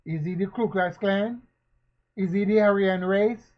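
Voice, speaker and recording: A man giving spoken commentary, asking questions again and again and preaching in a slow, emphatic way. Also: sits high, steady tone. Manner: rhetorical, repetitive questioning. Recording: dull lo-fi recording.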